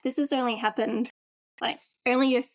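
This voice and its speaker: A woman's voice: fairly high pitch, steady tone, moderate pace, no echo. A woman hosting an interview, asking questions in a casual, sympathetic way with many fillers. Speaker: interview host. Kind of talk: conversational interview.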